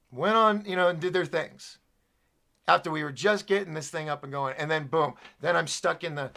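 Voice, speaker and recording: A man's voice: fairly high pitch, moderate pace, bright, forceful tone. A man hosting his own live show alone, rambling and apologetic as he vents his frustration to viewers. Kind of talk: solo live-stream talk.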